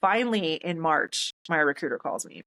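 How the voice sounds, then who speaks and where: A woman guest on a podcast, casually telling a story in a blunt, animated way, swearing freely and acting out what others said. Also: deep voice, moderate pace. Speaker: podcast guest, military veteran.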